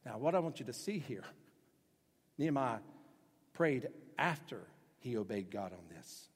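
A man preaching a sermon as pastor, emphatic, breaking into loud acted-out quotes now and then. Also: mid-range voice, sing-song, a little slow, breathy edge, big-room sound.

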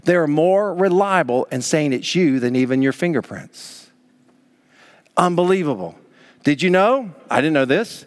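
A male pastor delivers a sermon in a lively, swooping voice pitched a little above the usual for men. He leans hard on key words and acts out scolding parents. His voice carries a long reverb, as if in a large sanctuary hall. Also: measured pace. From Southern United States. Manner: animated, emphatic, acts out parents scolding children.

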